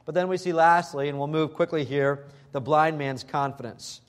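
Preacher guy giving a sermon, emphatic, kinda higher voice, quotes old scripture. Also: normal speed.

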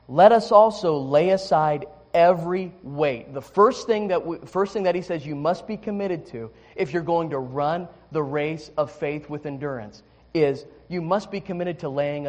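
A male pastor with a notably high, light voice delivers a sermon in a candid, conversational way. He stumbles through restarts and fillers while telling a personal story, then settles into teaching. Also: a little mellow.

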